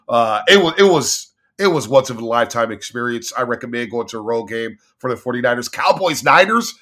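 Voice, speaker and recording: A man who hosts sports radio, telling a story as a podcast guest in an animated, excited way. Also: medium pitch. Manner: animated, hyped, chants and yells in quotes.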